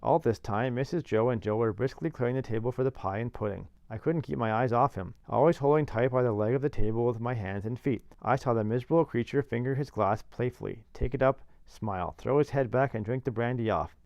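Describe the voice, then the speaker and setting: A man's voice: mid-range voice, fairly quick, gravelly, hardly any pauses, a little mellow, no room sound, lo-fi sound. A man reading a classic novel aloud as narrator, with dry, wry asides.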